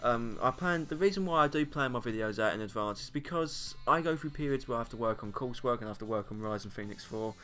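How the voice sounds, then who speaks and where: A man's voice: medium pitch, expressive, quick pace, few pauses, pushed and bright, faint music behind. A young British man chatting casually to camera, rambling and self-mocking, often laughing between points. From Britain. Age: young adult. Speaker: YouTuber. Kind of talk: casual vlog monologue.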